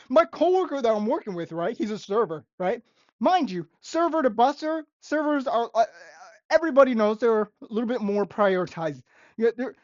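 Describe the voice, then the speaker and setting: A young woman who works as a restaurant busser rants in a vlog monologue, sarcastic and exasperated, repeating phrases as she goes. Her high-pitched voice is animated and moderately paced. The recording is dull, lo-fi and dry, with no room sound.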